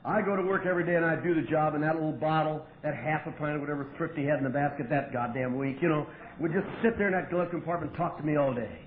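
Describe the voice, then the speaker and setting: A man telling his story at a recovery meeting, wry and profane, with sudden loud outbursts. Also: on the high side, fast, few pauses. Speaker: AA meeting speaker. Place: meeting hall with audience. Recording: tinny lo-fi 1988 tape with faint hiss.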